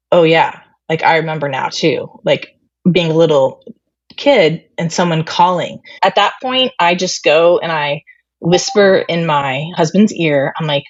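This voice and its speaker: A woman's voice: low-pitched, husky, no room sound, lo-fi sound. A woman guest candidly recounting a family story, retelling conversations with lots of fillers. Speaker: interview guest. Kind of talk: personal storytelling.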